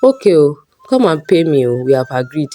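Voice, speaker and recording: A woman's voice: low-pitched, very animated, fairly quick, dark tone. A woman doing a cheeky young man. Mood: teasing. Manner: teasing.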